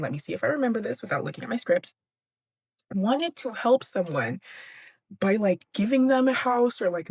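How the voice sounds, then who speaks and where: A woman's voice: on the low side, slightly rough. A young woman hosting a book podcast, chatty and giggly, casually swearing as she recaps a classic novel.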